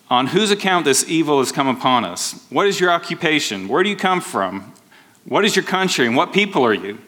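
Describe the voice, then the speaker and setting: A man's voice: medium pitch, sharp tone. A man preaching a sermon in a conversational way, often restarting his sentences. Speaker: pastor.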